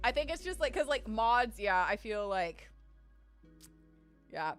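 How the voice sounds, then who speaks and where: Giggly woman streamer, lively high voice. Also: measured pace, faint music behind. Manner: giggly, laughs often, chatty and candid. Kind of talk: casual chat with live viewers while gaming.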